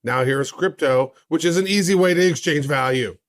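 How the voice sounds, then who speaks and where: A man's voice: on the high side, moderate pace, no room sound, studio quality. A man co-hosting a podcast in casual chat, full of playful banter and slang. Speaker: podcast co-host.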